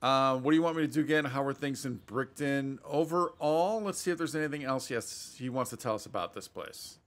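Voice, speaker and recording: A man's voice: mid-range voice, fairly quick, a bit bright. Rambling gaming YouTuber man. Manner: rambling, hesitant, chatty asides. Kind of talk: let's play commentary.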